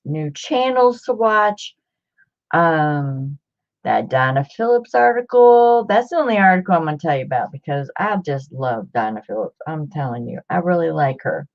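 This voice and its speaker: A chatty woman hosts a homemade craft video, talking loosely to her viewers and circling back with lots of fillers. Her voice sits a little low, and the home-camera sound is dull and muffled. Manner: chatty, rambling, with many fillers and restarts. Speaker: craft channel host. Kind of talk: casual chat to viewers.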